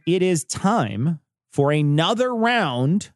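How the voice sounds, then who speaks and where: A man's voice: a little high, very animated, normal speed, darkish tone, soft background music. A man co-hosting a podcast, chatting casually, joking and laughing often. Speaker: podcast co-host. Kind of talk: casual comedic chat.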